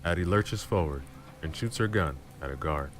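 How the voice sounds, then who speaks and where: A man reading a dramatic story aloud in a low, slow, intimate manner. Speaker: storyteller streamer. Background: background music and rain.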